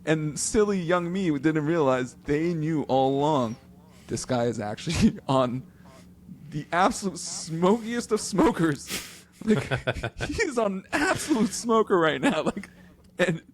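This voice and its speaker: A man's voice: on the high side, very animated, measured pace, a little hiss or hum. A man co-hosting a casual sports podcast, telling stories playfully and laughing often. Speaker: podcast co-host.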